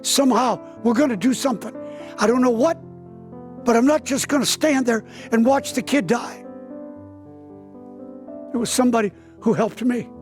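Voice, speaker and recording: This pastor, in his seventies, speaks in a very high-pitched voice at a moderate pace, pausing often, with faint music behind him. Telling a dramatic story in an interview, he's a vivid narrator who acts out quoted dialogue with a raised voice.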